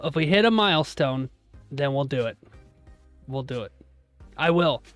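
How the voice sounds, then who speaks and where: A man's voice: a little high, animated, normal speed, no room sound, faint music behind. A man hosting a casual live stream, chatting and joking with his viewers and thanking them often. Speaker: live-stream trading host.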